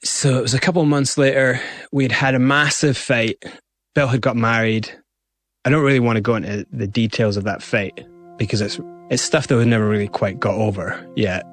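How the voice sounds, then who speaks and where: A man's voice: medium pitch, fairly even intonation, brisk, faint music behind. A man, a guest in an interview, recounting events animatedly and acting out other people's lines. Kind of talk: interview storytelling.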